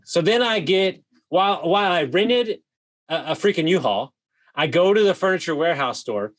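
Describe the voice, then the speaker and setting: A man telling a wild story as a podcast guest, animated, swearing freely and full of "like" fillers. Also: a little high, fairly quick. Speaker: guest, vacation rental host. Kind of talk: casual storytelling.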